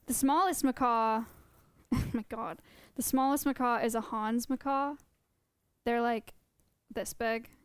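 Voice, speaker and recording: A young woman chats casually and rambles on a live stream, talking close to her mic. Her voice sits a bit high and sounds smooth and clear. The sound is dry, with no room echo. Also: fairly even intonation, measured pace, pauses often. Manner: chatty, rambling, laughs often. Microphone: close desk mic.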